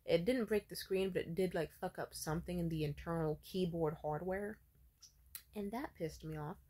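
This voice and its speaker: Low-pitched young woman rambling casually. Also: normal speed, mellow. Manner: rambling, profane, heavy on filler words. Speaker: vlogger. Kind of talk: casual monologue.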